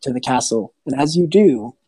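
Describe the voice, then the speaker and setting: A man's voice: medium pitch, lively intonation, normal speed, mellow, slightly rough, no echo. Man narrating a tabletop game. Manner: loose, chatty narration with fillers and asides. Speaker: game master.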